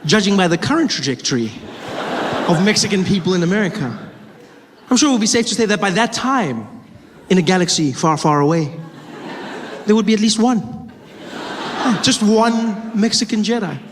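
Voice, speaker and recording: High-voiced man doing stand-up. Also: moderate pace, long pauses, a little hiss or hum. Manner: animated storytelling, acting out characters in voices. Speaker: stand-up comedian. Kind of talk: stand-up comedy routine. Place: live comedy show on stage.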